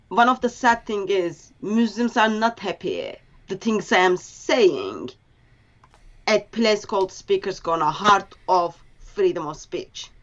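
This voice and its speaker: A woman being interviewed as a guest, speaking in a halting, earnest way with grammar slips. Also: mid-range voice, fairly bright tone, highs cut off.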